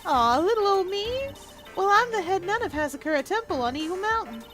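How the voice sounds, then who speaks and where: A woman's voice: very high-pitched, sing-song, a little fast, fairly bright tone, faint music behind, pitched above the performer's own voice, full character voice. Woman putting on a chirpy old head nun.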